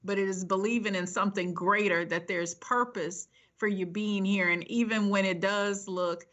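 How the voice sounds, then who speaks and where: Woman interview host, bright crisp voice, warm and affirming delivery. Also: medium pitch, steady tone, normal speed, dull audio. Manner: affirming, encouraging. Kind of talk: interview conversation.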